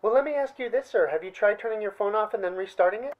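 A man voicing a soft-spoken, patronizing male tech-support helper. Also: high voice, quick pace, muffled recording, natural voice.

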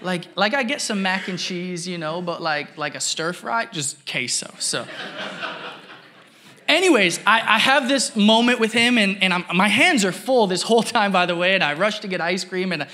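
A man preaching a sermon as pastor, telling a story in a lively way and acting out the people in it. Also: high-pitched, normal speed. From Canada. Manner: animated, acts out quotes, laughs while telling.

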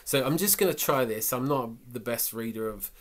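A man giving a casual, reflective talk about a short story, halting often with fillers. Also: medium pitch. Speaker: book vlogger. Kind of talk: casual book talk and reading.

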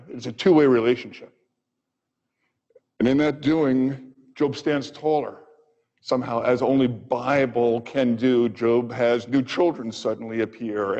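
A male physician giving a lecture, retelling an old story with expressive pauses in a lecture hall. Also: medium pitch. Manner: expressive, pausing for effect. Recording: dull audio with long hall reverb.

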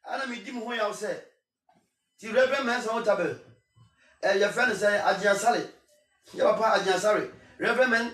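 A high-voiced man with a Ghanaian accent makes an emphatic, preacherly appeal, mixing Twi and English and hammering his points through repetition. He is a singer speaking rather than singing. He sounds set back from the mic, in a room with a strong echo. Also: fairly bright tone, far from the mic. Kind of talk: impassioned spoken appeal.

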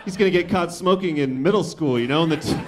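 Male comic, 30s, slightly raised pitch, conversational club set with handheld mic and brief acted voices. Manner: conversational, acts out quick voices for friends and his son. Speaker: stand-up comedian. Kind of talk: stand-up comedy set. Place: comedy club stage.

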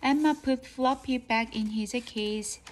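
A woman's voice: sits high, a little slow, slight background noise. A woman reading a children's storybook aloud carefully, as reading practice. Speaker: reader.

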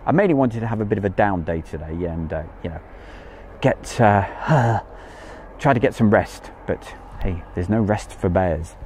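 A man with a fairly low voice chats away on a live stream from an outdoor campsite field. His pitch swings widely and animatedly as he jokes and greets viewers one by one. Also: expressive, moderate pace, a little mellow, a little hiss or hum. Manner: jokey, chatty, greets viewers by name. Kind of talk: casual live-stream chat.

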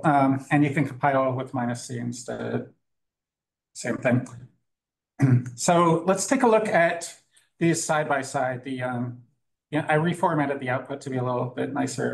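A man's voice: mid-range voice, gravelly, slight background noise, low-quality recording. Casual, joking man giving a tech talk. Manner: casual, joking, halting with fillers. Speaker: conference speaker. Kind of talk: live tech talk with demo. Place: meetup room with audience.

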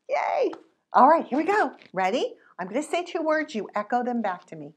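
Animated sing-song storytime lady. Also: a little high, a little fast, slightly rough. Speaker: children's storytime host. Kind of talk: preschool storytime with rhymes. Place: library storytime.

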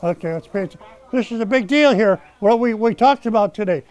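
Man, pastor, sermon, high voice, dry close mic, scolding then hushed. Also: animated, fast, clear, resonant tone, dry recording, lo-fi sound. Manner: scolding, swings from loud rebuke to quiet prayer. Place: rescue mission chapel.

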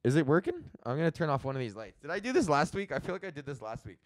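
Rambling, swearing thirty-year-old podcast host. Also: male voice, fairly high pitch, sing-song, rapid-fire, dry recording, studio quality. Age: 30s. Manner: rambling, swears often, laughs at his own jokes. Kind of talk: casual solo comedy podcast rant.

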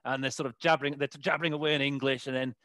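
Very fast and forceful, this man's bright, medium-pitched voice stays level in tone as he talks casually in an interview about his work as an interpreter. He often halts to look for words, using lots of fillers, on a recording without echo.

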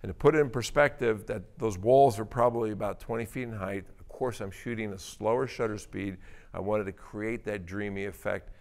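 Gravelly-voiced man giving a photography talk. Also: on the low side, a little fast, a little mellow. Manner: conversational, explanatory, with fillers. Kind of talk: presentation talk.

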